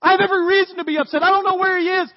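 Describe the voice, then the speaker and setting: A man's voice: steady tone, rapid-fire. A man preaching, voicing a grieving, indignant woman in a raised, exasperated voice. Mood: distraught indignant. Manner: loud, high, exasperated outburst. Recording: dull sound with long hall reverb.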